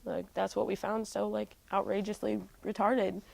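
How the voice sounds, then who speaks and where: A woman's voice: medium pitch, flat delivery, moderate pace, vocal fry, poor audio. A young woman musician telling a personal family story in an interview, candid and full of "like" fillers. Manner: heavy use of "like" fillers, candid.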